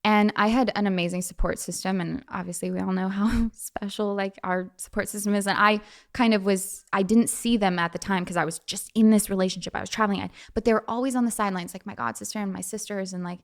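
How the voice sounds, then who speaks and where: A young woman as a podcast guest, telling personal stories in a chatty way with lots of fillers and quick laughs. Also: mid-range voice. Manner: chatty, frequent fillers, quick laughs, acts out quoted voices. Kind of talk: casual storytelling.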